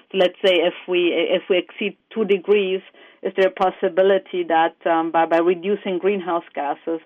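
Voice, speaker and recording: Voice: medium pitch, no room sound. A climate researcher answering interview questions carefully, with many ums and repeated words. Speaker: climate scientist guest. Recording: tinny phone-like line.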